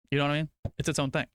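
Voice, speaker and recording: A young adult man streaming, chatting loosely with his chat, swearing casually and arguing food opinions in a rambling way. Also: a little high.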